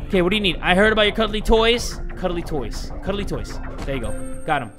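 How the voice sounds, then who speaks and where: Excitable swearing gamer man. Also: a little high, fast. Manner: excitable, swears often, bursts into shouts. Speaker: gaming YouTuber. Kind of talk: let's-play commentary. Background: game music.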